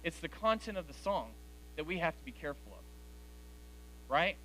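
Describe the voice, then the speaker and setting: Bright-voiced man preaching to teens. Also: fairly high pitch, big pitch swings, normal speed, slight background noise, rough recording. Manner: direct, conversational, addresses teens as guys. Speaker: youth speaker. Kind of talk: youth sermon.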